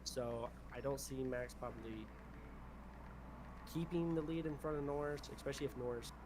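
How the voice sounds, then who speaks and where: A man's voice: medium pitch, moderate pace, background noise. A man streaming a game, chatting casually and rambling, leaning on "definitely" over and over. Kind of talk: casual chat while gaming.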